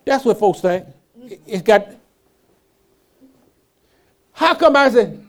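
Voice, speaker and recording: Male pastor, sermon delivery: unhurried, animated, from quiet asides to loud emphatic peaks. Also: high voice. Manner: call-and-response preaching, rhetorical questions to the congregation; swings between hushed asides and loud emphatic lines.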